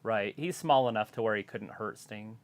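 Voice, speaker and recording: A man's voice: on the low side, moderate pace. A man co-hosting a wrestling watch-along, giving laid-back, dry, wisecracking commentary. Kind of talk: casual wrestling commentary and chat.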